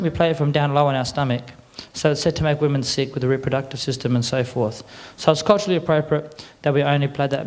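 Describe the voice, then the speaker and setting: An Australian man presenting to a live audience, chatty and a little croaky, getting the crowd to repeat words back. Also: a little high, a little mellow. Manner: chatty, quizzes the crowd with call-and-response. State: a bit croaky. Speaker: cultural presenter. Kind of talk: lively audience address.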